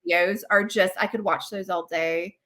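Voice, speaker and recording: A woman's voice: lowish voice, fairly even intonation, normal speed, sharp tone. A woman co-hosting a travel podcast in a chatty, casual way, often restarting her sentences. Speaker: podcast co-host. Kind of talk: casual chat.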